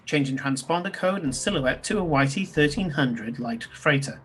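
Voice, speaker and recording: A man's voice: on the high side, expressive, normal speed, fairly bright tone, faint music behind. A man narrating as game master in a tabletop game, talking loosely with fillers and restarts. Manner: loose, descriptive, many ums and restarts.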